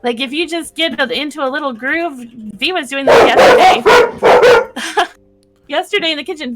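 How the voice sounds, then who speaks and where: A woman chatting casually as a guest on a call-in show, talkative and quick to laugh. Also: high voice, animated, music in the background. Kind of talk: casual chat.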